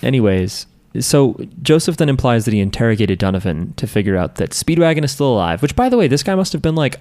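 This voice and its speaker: A man's voice: mid-range voice, very animated, fast, few pauses, darkish tone. A man co-hosting a podcast, chatting casually and jokingly while recapping an anime, acting out characters' lines. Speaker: podcast co-host.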